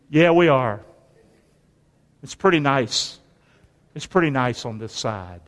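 A man preaching a lively, folksy sermon in a church, calling the congregation to answer back. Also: medium pitch, slow, pauses often. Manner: folksy, call-and-response preaching. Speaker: pastor. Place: large church sanctuary. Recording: long reverb of a large hall.

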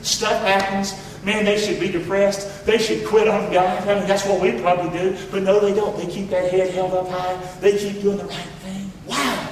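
Preacher guy, folksy, gets loud, high voice, long reverb like a church hall. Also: little pitch movement, moderate pace, few pauses, slight background noise. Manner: folksy, preacherly, rising to shouts. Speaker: pastor. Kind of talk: sermon. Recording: echoey hall from far off.

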